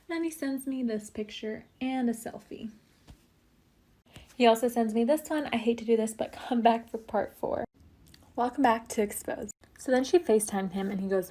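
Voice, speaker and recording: A young woman telling a social media storytime in a chatty, animated way, reading out text messages from a cheating husband. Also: medium pitch, fairly quick. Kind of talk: casual storytime narration to camera.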